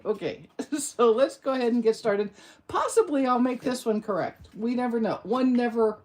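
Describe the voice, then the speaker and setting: A woman's voice: medium pitch, darkish tone. A woman demonstrating card-making in a casual tutorial, chatty and self-deprecating, with rambling asides.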